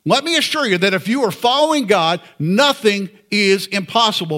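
Male preacher, bright voice, earnest and conversational. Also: high voice, expressive, moderate pace, hardly any pauses. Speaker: pastor. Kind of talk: sermon.

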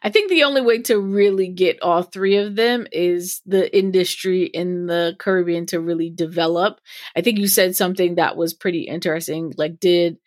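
A woman's voice: on the low side, steady tone, moderate pace, no echo, studio quality. A woman hosting a podcast, asking questions in a thoughtful, hesitant way with many fillers. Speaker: podcast host. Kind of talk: interview questions.

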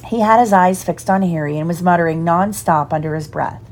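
A woman reading a storybook aloud in an expressive, animated way. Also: on the low side, fairly quick, a little hiss or hum. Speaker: reader.

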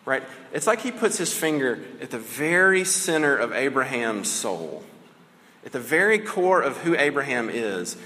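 A man preaching a sermon in a casual, conversational way. He often tags his points with "right?" and slows down to stress key phrases. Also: mid-range voice, very animated, bright, forceful tone. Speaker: pastor. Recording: long hall reverb with faint ambience.

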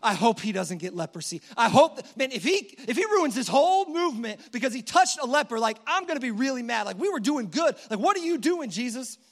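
A man's voice: very high-pitched, sing-song, fairly quick, few pauses, voice pushed up, heavily acted. A man voicing panicking disciples who protest frantically during a sermon. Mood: panicked. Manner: frantic, exasperated.

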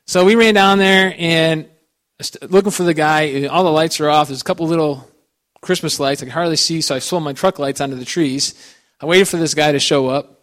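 A man's voice: a little high, brisk, a bit bright. A man telling personal stories as a guest speaker, rambling and folksy, full of "you know" and restarts. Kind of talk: personal testimony storytelling.

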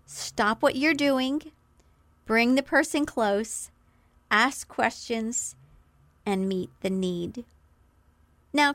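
A woman's voice: a little high, dry recording. Earnest woman giving a devotional talk. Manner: earnest, warm encouragement with slow emphatic quotes. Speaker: podcast host.

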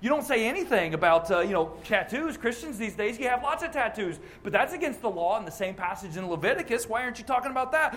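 A man's voice: very high voice, lively intonation, fast talker, hardly any pauses, a bit bright, a little hiss or hum. A man and racing ministry chaplain giving an informal sermon at a racetrack, telling a personal story in a conversational, plainspoken way.

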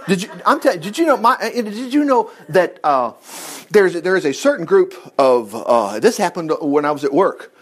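A man preaching in a folksy, animated way, retelling a story and acting out its people. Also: fairly high pitch, normal speed, husky. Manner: animated, folksy, acts out quotes in voices. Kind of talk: informal sermon storytelling.

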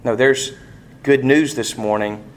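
A middle-aged man preaching a sermon, asking the congregation rhetorical questions and rising sharply in pitch and volume on emphatic points. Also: fairly even intonation, measured pace. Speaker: pastor.

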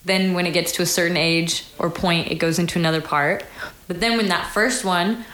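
A woman's voice: fairly low pitch, fairly even intonation, fairly quick, fairly bright tone. A woman guest on a casual podcast chat, explaining things step by step with dry teasing. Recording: roomy echo, faint noise.

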